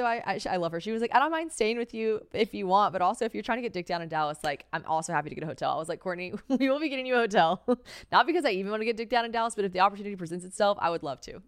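Tired young woman rambling on her podcast, swears a lot, talks fast, smooth dry sound. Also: fairly low pitch, no room sound. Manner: chatty, profane, storytelling with lots of fillers. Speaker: podcast host. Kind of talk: solo podcast chat.

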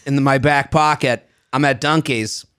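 A man's voice: mid-range voice, fairly even intonation, a little slow, a bit bright, clear, resonant tone, pitched below the performer's own voice, lightly acted. A man putting on a blustery Boston accent, playing a brash local guy telling a crude story.

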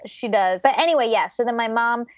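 A woman's voice: on the high side, fairly quick, dry recording. A young woman from Georgia, a podcast guest telling her childhood story in a reflective, chatty way with frequent laughs. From Georgia, USA. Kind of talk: casual interview storytelling. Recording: dull, dry lo-fi sound.

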